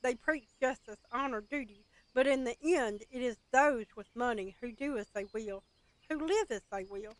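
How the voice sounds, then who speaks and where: A woman voicing a guilt-ridden man confessing betrayal, reading the game's dialogue aloud with halting stammers. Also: on the high side, fairly bright tone, no echo, natural voice.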